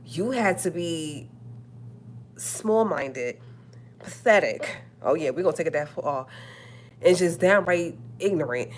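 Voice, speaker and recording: A woman's voice: fairly low pitch, animated, slow, pauses often, slight background noise. A woman hosting a livestream, talking in a sassy, emphatic way and repeating her points. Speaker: livestream host. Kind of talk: casual livestream rant.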